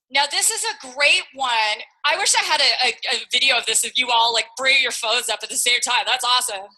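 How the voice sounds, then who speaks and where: A woman in her forties gives a motivational coaching talk to a live audience, speaking in an energetic, direct and pushy way. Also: high-pitched, low-quality recording. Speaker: sales team coach.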